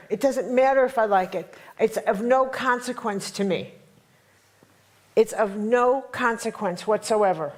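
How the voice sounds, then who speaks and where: A woman's voice: on the high side, unhurried. A middle-aged woman telling a dramatic story to a workshop audience, emphatic and full of repetitions. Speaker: workshop teacher.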